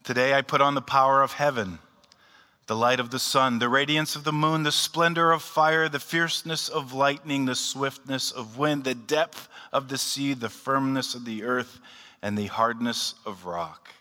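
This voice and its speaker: A man speaking as a pastor, giving a sermon and calmly leading his congregation in a recited prayer. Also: mid-range voice. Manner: calm, unhurried, leads a recited prayer. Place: church hall. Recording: long hall reverb.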